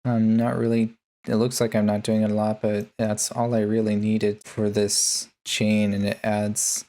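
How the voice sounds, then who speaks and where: A man talking through his bass mixing chain in a casual tutorial, laid-back and full of ums and uhs. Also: monotone, measured pace, mellow. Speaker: music producer.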